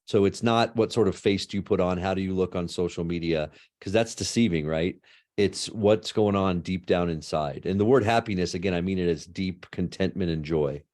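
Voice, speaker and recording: A middle-aged law and ethics professor answers interview questions in a low-pitched voice at normal speed. He responds like an animated storyteller, often tacking "right?" onto his points.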